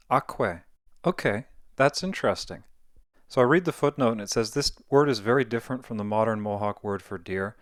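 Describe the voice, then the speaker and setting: A man's voice: on the low side, no room sound, studio quality. A man explaining a topic in a casual monologue, thinking aloud and correcting himself as he goes. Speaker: video essayist.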